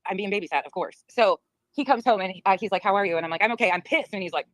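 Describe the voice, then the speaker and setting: A woman's voice: medium pitch, racing, no room sound, clean studio sound. A woman hosting a livestream, ranting in a blunt, profane, laughing way while reading chat. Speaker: livestream host. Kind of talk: casual livestream rant.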